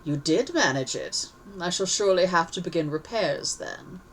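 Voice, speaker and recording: A woman voicing a three-eyed female toy maker who talks in a slow, dragging drawl, pitched a little below her usual voice. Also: animated, a little hiss or hum, close to an everyday voice, low-quality recording. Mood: smug.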